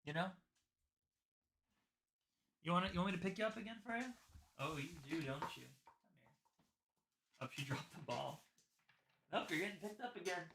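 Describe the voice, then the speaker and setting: A woman's voice: lowish voice, lively intonation, moderate pace, creaky, long pauses, background noise. A woman hosting a casual livestream, chatting in slang and cooing baby talk at a dog. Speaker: livestream host opening trading cards. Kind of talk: casual live-stream chat.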